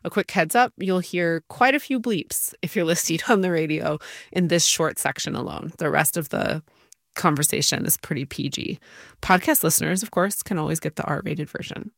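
A radio host giving a brisk, friendly introduction to a reading. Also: medium pitch, vocal fry, fairly bright tone, dry recording, clean studio sound. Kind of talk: broadcast introduction.

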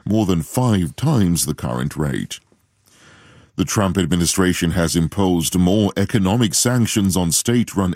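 A man with a very low voice reads the world news bulletin. His delivery is measured and formal, recorded close in a dry studio. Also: darkish tone, dry recording. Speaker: newsreader. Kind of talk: radio news bulletin reading.

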